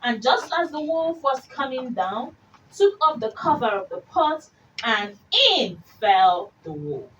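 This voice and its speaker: A woman hosting a children's radio show, reading stories aloud in an expressive, slow, animated way. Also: a little high, dull audio. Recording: distant mic with faint hiss.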